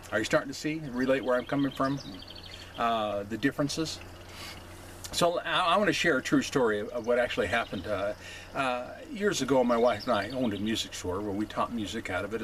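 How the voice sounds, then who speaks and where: A man hosts a casual, unscripted opinion talk in an ordinary middle-pitched voice. He speaks haltingly, with plenty of fillers and restarts, and he often stops to ask "okay?". A faint background hiss runs under his voice. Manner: halting, many fillers, keeps checking in with "okay?". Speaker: host.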